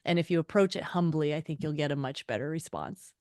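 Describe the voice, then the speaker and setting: Animated woman author telling stories. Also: low-pitched, fast talker, no room sound, clean studio sound. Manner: animated storyteller, acts out quoted voices. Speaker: author and podcast guest. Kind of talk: conversational interview.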